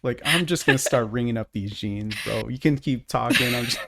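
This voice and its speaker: American guy cohosting a podcast, kinda gravelly voice, cusses a lot, tells stories and laughs. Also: mid-range voice, brisk, slight background noise. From United States. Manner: swears freely, laughs often, animated storytelling. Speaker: podcast co-host. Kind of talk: casual chat.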